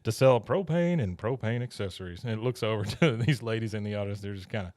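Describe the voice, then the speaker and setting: A man's voice: lowish voice, fast, dry recording, clean studio sound. A man co-hosting a podcast, casually retelling a cartoon episode with lots of laughs. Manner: animated retelling, quoting characters with laughs. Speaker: podcast co-host recapping an episode. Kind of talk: casual recap chat.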